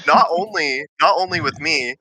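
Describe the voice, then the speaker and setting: A man's voice: a little high, moderate pace, pushed and bright, slight background noise, low-quality recording. A young man telling a heated story to friends in casual chat, swearing freely and laughing often.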